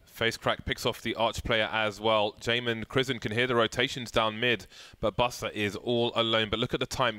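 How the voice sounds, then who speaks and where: A man giving play-by-play commentary on an esports match, getting excitable and rising with the action. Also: on the low side, normal speed, few pauses, a little hiss or hum.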